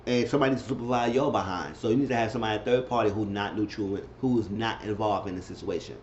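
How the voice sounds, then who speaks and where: A man's voice: lowish voice, rapid-fire, a little mellow, a little hiss or hum. Casual male recap vlogger, talky and repetitive, dull home mic sound. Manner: chatty, repeats himself, acts out quotes in shifting voices.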